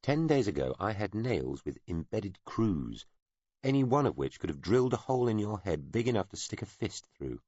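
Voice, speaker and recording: A man's voice: lowish voice, big pitch swings, normal speed, a little mellow, dry recording, highs cut off, voice pushed up. A man doing a wry, guarded woman agent. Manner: dry, terse, wry. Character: cool guarded female special agent.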